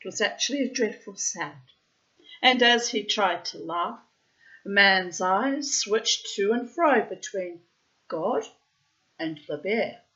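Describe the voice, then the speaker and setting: A woman slowly reading a storybook aloud, with dramatic pacing and playful asides. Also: medium pitch, lively intonation, bright, forceful tone, dull audio. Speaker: storybook reader. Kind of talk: storybook narration.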